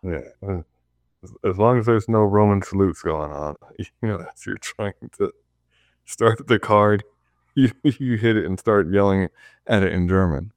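A man's voice: fairly low pitch, unhurried, no echo. A man in casual podcast chat, making wry jokes.

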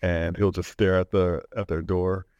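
Podcast co-host, male, lowish voice, rambling storyteller, dull dry sound. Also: little pitch movement, normal speed, a little mellow, no room sound. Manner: rambling storyteller, laughs while telling. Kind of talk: casual chat.

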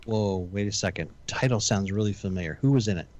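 A man's voice: lowish voice, fast talker, a little mellow, lo-fi sound. A man in casual chat, making playful guesses.

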